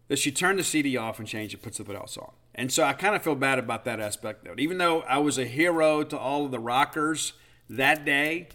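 A man's voice: mid-range voice, fairly bright tone. A man in his fifties hosting a podcast, telling a rambling, self-deprecating story full of fillers. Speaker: podcast host. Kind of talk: casual storytelling monologue.

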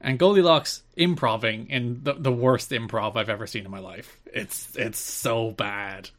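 A man in relaxed podcast chat, telling the story of a TV segment step by step. His voice sits at an ordinary middle pitch. He laughs often as he goes. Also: unhurried. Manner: recaps events at length, laughing often. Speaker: podcast co-host. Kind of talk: casual chat.

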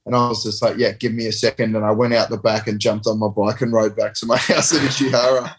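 A man's voice: fairly low pitch, level tone, fast, a little hiss or hum. A man in his thirties, a rugby player, telling a rambling, laid-back story with casual swearing in an interview. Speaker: professional rugby player guest.

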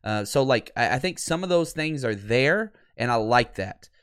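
A man hosting a live sports podcast, talking in an excitable, candid way with frequent restarts, and losing his voice. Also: medium pitch, normal speed, clean tone.

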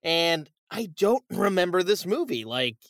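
A man co-hosting a casual podcast, retelling a movie with animated, swearing storytelling. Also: sits high, measured pace, no room sound, studio quality. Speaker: podcast co-host. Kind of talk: casual chat.

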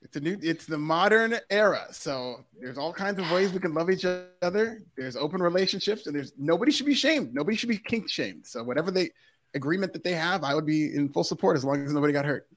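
A man co-hosting a podcast in casual chat, animated and jokey, laughing often. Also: fairly high pitch, a little fast. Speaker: podcast co-host.

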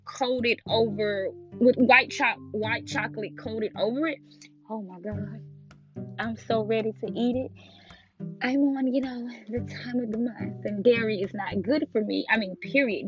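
A young woman with a Southern US accent, hosting a casual solo podcast and talking candidly to her listeners. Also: fairly high pitch. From Southern United States. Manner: chatty, candid, laughs at herself, speaks straight to listeners. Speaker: podcast host. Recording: slightly dull lo-fi audio with faint music behind.

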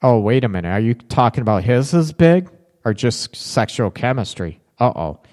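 A man's voice: medium pitch, animated, moderate pace, a little mellow, in a large hall. A man hosting a relationship talk show, reading viewer comments and answering in a candid, chatty way. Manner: candid, frank, chatty with frequent restarts. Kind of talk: live-stream chat reading viewer comments.

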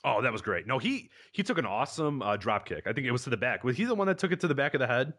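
Brief: male podcast co-host, fast talker, expressive pitch, easygoing and quick to laugh. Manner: quick, animated, laughs easily. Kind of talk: casual chat.

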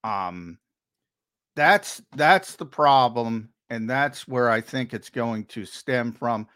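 Man, sports talk co-host, mid pitch, lively swinging delivery, emphatic. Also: slow pace, smooth. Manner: emphatic, animated, repeats words for stress. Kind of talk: heated sports talk commentary.

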